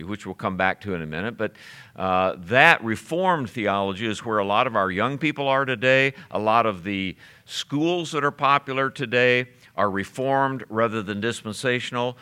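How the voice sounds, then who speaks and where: A man's voice: lowish voice, sharp tone. A male pastor teaching his church in a conversational sermon, with frequent fillers and restarts.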